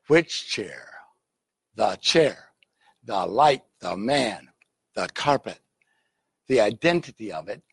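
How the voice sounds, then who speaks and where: Lively, gravelly-voiced male pastor teaching. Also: mid-range voice, takes it slowly, long pauses, dry recording. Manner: animated teacher, checks in with listeners. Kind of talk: teaching sermon.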